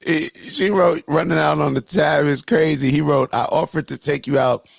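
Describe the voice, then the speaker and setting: Gravelly guy hosting, slangy and loose, talking right at the chat, dry close sound. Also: fairly high pitch, steady tone, moderate pace, dry recording. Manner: loose, slangy, talks straight to viewers. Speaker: morning show host. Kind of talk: casual commentary reacting to a clip and reading chat comments.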